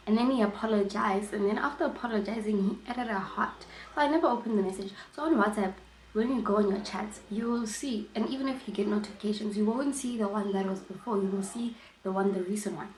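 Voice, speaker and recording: Animated woman, echoey room. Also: medium pitch, a little fast, slight background noise. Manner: animated, emphatic, repeats herself. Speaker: vlogger. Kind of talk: storytime chat.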